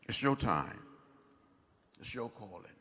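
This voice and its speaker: A man's voice: mid-range voice, lively intonation, slow, bright, forceful tone, slightly rough. A man in his seventies giving a commencement address in impassioned, preacher-like oratory, speaking in short repeated phrases. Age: 70s. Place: large outdoor ceremony over loudspeakers. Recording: long reverb from a public address system.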